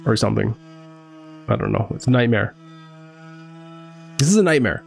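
A young man commentating a horror game live, excitable, swearing and joking to viewers. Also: on the low side, normal speed, creaky, soft background music. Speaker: gaming streamer.

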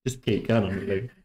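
A man guesting on a casual horror-game live stream, animated and teasing, laughing a lot. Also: lowish voice. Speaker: guest co-player.

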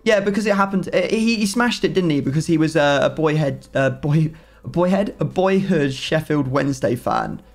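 A man's voice: on the high side, animated, moderate pace, creaky, hardly any pauses, faint music behind. A man hosting a gaming video, chatting casually and mocking himself with easy banter. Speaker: gaming YouTuber host.

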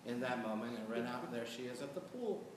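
A middle-aged man on a panel, telling stories in an animated, chatty way and checking in with "right?". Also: medium pitch, a little fast, a loud crowd. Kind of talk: storytelling on a panel. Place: large echoey hall at a panel event. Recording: echoey hall from far off, noisy.

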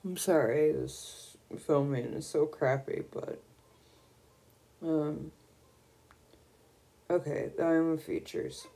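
A young woman streaming a video game, gushing and excitable as she squeals over new items. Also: deep voice, takes it slowly, gravelly, long pauses. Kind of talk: casual gameplay commentary.

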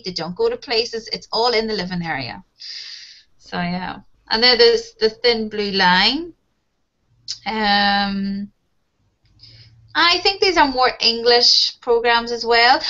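A woman's voice: medium pitch, sharp tone, muffled recording. A woman teaching an online English class, chatting casually and laughing as she talks about TV shows. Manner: chatty, laughs often, addresses students as guys.

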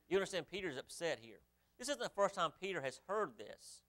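Man, pastor, sermon, rather high voice, smooth and resonant, rhetorical questions, scripture reading. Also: very animated, brisk, fairly bright tone. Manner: asks the congregation rhetorical questions; reads scripture aloud in old-fashioned wording.

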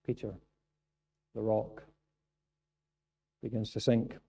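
A Scottish man preaching a sermon in a church, moving between quiet reflective passages and raised, emphatic ones. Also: fairly low pitch, level tone, takes it slowly, vocal fry, breathy edge. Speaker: pastor. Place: church sanctuary. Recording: dull lo-fi sound.

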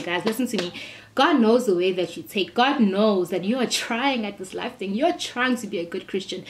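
Young woman, vlogger, lively preachy encouragement, casual and exclamatory, mid-pitched voice. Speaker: Christian vlogger.

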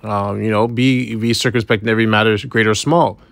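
A man giving an informal scripture lesson, reading verses slowly and then explaining them in casual talk, checking in with "right?" after nearly every point. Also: on the low side, fairly even intonation, gravelly, dry recording. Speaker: bible teacher.

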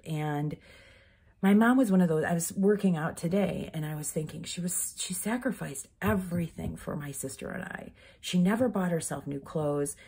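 A woman's voice: low voice, slightly rough. A mother speaking in a candid personal vlog, rambling and heartfelt, emotional and close to tears. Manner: rambling, heartfelt, many "like" fillers. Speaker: vlogger, mother.

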